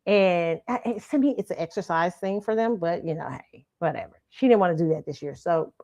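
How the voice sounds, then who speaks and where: A woman's voice: fairly low pitch, lively intonation, a little mellow, no room sound. Chatty woman host asking "okay?". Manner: chatty, tag questions of "okay?", quick laughs. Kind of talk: casual chat commentary.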